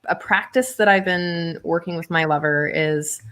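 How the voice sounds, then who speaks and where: A woman's voice: lowish voice, moderate pace, fairly bright tone. A woman co-hosting a conversation, speaking earnestly, searching for words and laughing easily. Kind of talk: casual conversation.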